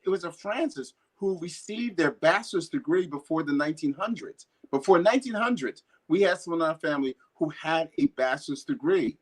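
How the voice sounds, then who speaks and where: Earnest man telling his story. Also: fairly high pitch. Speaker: poet and guest. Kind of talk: casual conversation.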